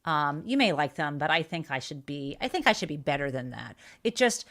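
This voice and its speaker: A woman's voice: deep voice, very animated, a little fast, fairly bright tone. Blunt, outraged woman podcaster. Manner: outraged, blunt, swears freely. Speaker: livestream podcast host. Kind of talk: casual political livestream commentary.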